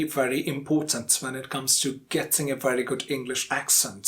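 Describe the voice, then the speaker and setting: A woman teaching an online English pronunciation lesson who speaks clearly and deliberately, slowing down to repeat example words. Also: on the low side.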